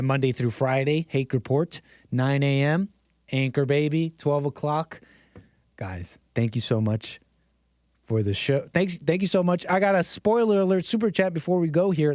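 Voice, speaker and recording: A man's voice: a little high, darkish tone, dry recording, clean studio sound. A man hosting a live-streamed commentary show, talking in a theatrical, mock-dramatic way and repeating phrases for effect.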